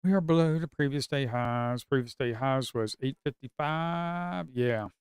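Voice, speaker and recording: A man giving casual live commentary on a slow market as a day trader, grumbling and talking to his viewers as folks, with sudden excited outbursts. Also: mid-range voice, smooth.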